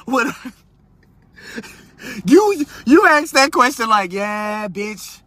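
Young male podcast host; crude, lively comic rant full of rhetorical questions; bright tone, dry sound. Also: extremely high pitch, slow, no room sound. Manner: crude, animated, keeps asking rhetorical questions. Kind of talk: casual comedic rant. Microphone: podcast mic.

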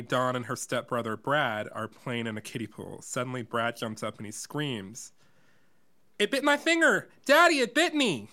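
A man's voice: mid-range voice, fairly bright tone, clear, resonant tone. A man being interviewed on a podcast as a musical theater writer, hesitant and full of filler words.

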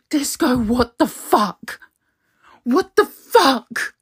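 A young woman playing a nervous young woman in danger, hesitant and soft-spoken. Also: high voice, expressive, drawn-out words, husky, exaggerated voice. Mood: panicked. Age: young adult. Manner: hesitant and soft, breaking into panic.

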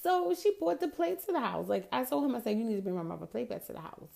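A middle-aged woman hosting a show, telling a personal story in casual chat, frank and profane, getting animated when riled up. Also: fairly high pitch, fast, vocal fry. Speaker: podcast host.

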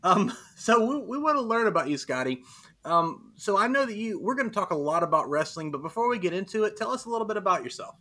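A man's voice: sits high, sing-song, quick pace, sharp tone. A man with a Southern US accent from Alabama, hosting an interview in a chatty, folksy way and laughing often. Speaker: podcast host. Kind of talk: casual interview chat.

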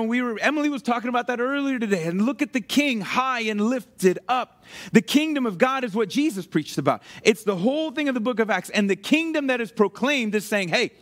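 A man preaching a sermon in a conversational way, often asking his listeners questions. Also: very high-pitched. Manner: animated, conversational, asks the audience often.

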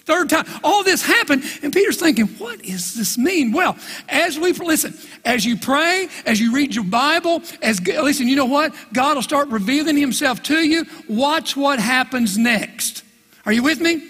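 High, bright-voiced preacher man, husky. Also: expressive, moderate pace, in a large hall. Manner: folksy, emphatic, repeats "listen" and "right?". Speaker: pastor. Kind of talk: sermon. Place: church sanctuary.

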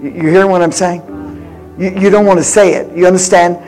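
A woman in her eighties preaching a sermon with personal stories, swinging from loud exhortation to hushed confiding. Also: fairly low pitch, fairly even intonation, brisk, soft background music. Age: 80s.

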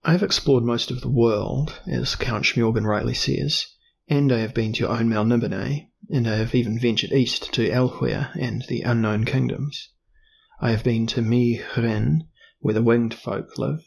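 A man voicing a cunning, curious explorer duke in a storybook reading, deliberate and probing. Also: medium pitch, fairly even intonation, gravelly, husky. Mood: genial. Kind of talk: audiobook character reading.

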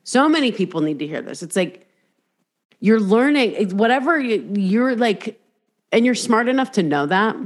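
Her voice sits at a medium pitch and moves at normal speed as she hosts a podcast. It's a loose, casual conversation: she swears freely, rambles with mid-sentence restarts, and voices the inner thoughts of characters in her lively stories.

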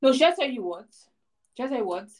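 A woman's voice: on the high side, animated, fast, darkish tone. A woman co-hosting a casual podcast, talking emphatically about a film and repeating points for effect. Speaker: podcast co-host. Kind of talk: casual movie review chat.

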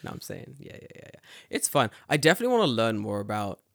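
A young man chatting casually on a podcast, telling a story with lots of swearing and acting out the quotes with sudden loud, high jumps in his voice. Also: fast talker, gravelly, no room sound, clean studio sound. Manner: animated, swearing, acts out quotes with big jumps in pitch. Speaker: podcast co-host.

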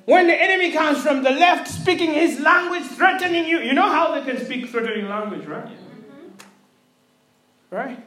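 High-pitched, lively African woman preacher, echoey church sound. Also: moderate pace. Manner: animated, laughing, calls out to the congregation. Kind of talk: sermon.

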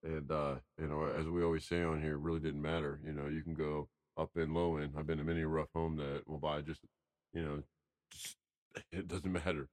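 Deep-voiced man telling sales stories. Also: fairly quick, clean tone, dry recording. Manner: animated storyteller, acts out quotes in a raised voice. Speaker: podcast co-host, salesman. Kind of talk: casual storytelling chat.

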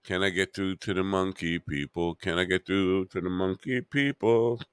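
Deep-voiced man rambling to himself. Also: steady tone, moderate pace, clean tone, no room sound. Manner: rambling, mutters to himself, wry asides. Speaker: podcast host. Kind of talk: rambling solo podcast.

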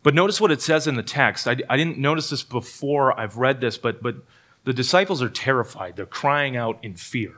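In a church service, a man preaches with a middle voice that is fairly bright and moderately paced. The pastor's sermon is earnest, with jokes at his own expense and lots of repeated words.

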